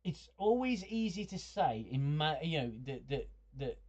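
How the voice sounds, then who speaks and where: A man's voice: a little high, very animated, a little slow, darkish tone. Guy hosting a livestream, mid range voice, keeps tripping over his words, dull lo-fi audio. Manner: stammering, repeats words while thinking; chuckles often, chatty. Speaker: host. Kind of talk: livestream chat reading viewer comments.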